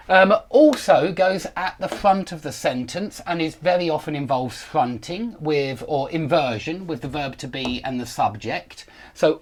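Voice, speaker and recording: A man's voice: on the high side, a little mellow. A man teaching an English grammar lesson live online, explaining points and reading example sentences aloud, with frequent fillers and self-corrections.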